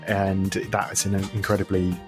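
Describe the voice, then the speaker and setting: A man's voice: low voice, level tone, unhurried, faint music behind. A man co-hosting a podcast in casual chat, playful and often restarting his phrases. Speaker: podcast co-host.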